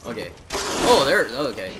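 A man giving jokey, self-mocking let's-play commentary, yelping and shouting at the game as he plays into a desk mic. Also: mid-range voice, a little slow, heavy background noise. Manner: excitable, yelps and shouts at the game. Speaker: gamer streaming a challenge video. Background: game music.

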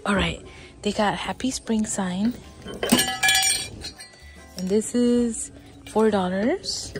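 A woman vlogging while she shops, slow and excitable, often dropping to a whisper, with faint store music behind her. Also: medium pitch. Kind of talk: casual shopping vlog. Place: inside a large store.

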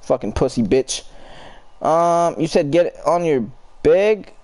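A young man with a fairly high voice calls out teammates mid-game in heated, cursing trash talk. Between plays he greets his chat and answers viewers, still swearing through it. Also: expressive, slow, darkish tone. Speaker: streamer. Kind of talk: live gameplay commentary and chat talk.

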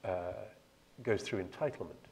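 A man with a plummy British accent speaks on a panel discussion. He picks his words slowly and with hesitation, in a low, self-deprecating voice. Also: darkish tone, slight background noise. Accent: British, Cambridge-educated. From Ireland.

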